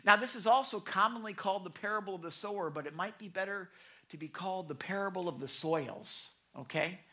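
A pastor preaching a conversational, animated sermon with frequent asides and self-corrections. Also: mid-range voice, a little fast.

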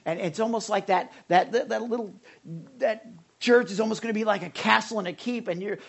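A man's voice: high-pitched, fairly quick, creaky, husky. A male pastor preaching in a loose, conversational way, full of stories, fillers and restarts. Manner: rambling, anecdotal, many fillers and restarts. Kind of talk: conversational sermon.

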